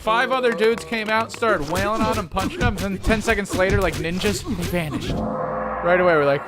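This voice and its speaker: A man telling a comedic story vlog-style, animated and acting out every character as he goes. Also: sits high, normal speed, soft background music.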